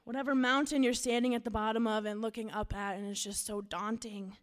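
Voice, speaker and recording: A woman's voice: a little high, little pitch movement, brisk. A woman youth pastor from Minnesota giving an earnest, casual sermon with personal storytelling.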